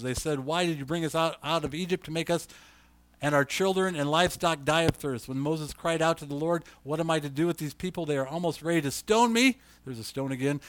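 Man preaching a lively sermon. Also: a little high, no room sound. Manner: conversational preaching, rising to loud emphasis, reads scripture aloud. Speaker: pastor.

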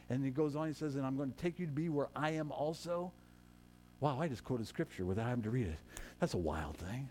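Animated man preaching a sermon. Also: a little high, quick pace, a little hiss or hum. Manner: animated preaching, swings loud and soft, self-correcting asides. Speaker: pastor.

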